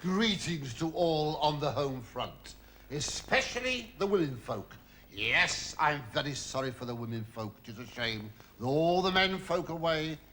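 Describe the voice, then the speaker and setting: A man's voice: fairly high pitch, a bit bright. An actor playing a cheeky army batman full of innuendo, chatty and fawning toward his colonel. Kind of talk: British sitcom acting. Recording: noisy recording with hiss.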